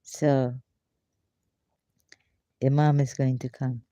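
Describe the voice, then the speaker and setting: A man's voice: medium pitch, level tone, dark tone, no echo. A man reading a prayer aloud, then breaking off to comment on it, speaking English in non-native phrasing, repeating chanted phrases, laughing and mocking himself. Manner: slow, halting delivery with repeated chanted phrases. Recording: dull lo-fi dry recording.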